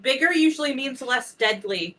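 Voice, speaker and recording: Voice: high-pitched, animated, moderate pace, a crowd in the background. Dry matter-of-fact player. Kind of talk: casual game chat.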